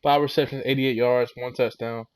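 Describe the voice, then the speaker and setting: A man's voice: mid-range voice, fairly even intonation, normal speed, darkish tone, clear, resonant tone. A young man ranting a football recap, heated and exasperated, full of slang and mocking quotes. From Florida. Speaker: sports vlogger.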